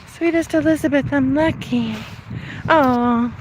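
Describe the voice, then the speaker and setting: A high-pitched middle-aged woman talks live to her chat as she walks outside, slightly winded and quick to laugh. She reads out viewers' names and thanks them in a friendly, rambling way. Faint outdoor noise sits under her phone-mic voice. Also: a little mellow. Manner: chatty, laughs often, thanks viewers by name. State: a little out of breath from walking. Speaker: livestreamer reading chat. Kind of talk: casual live stream chat. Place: outdoors, walking.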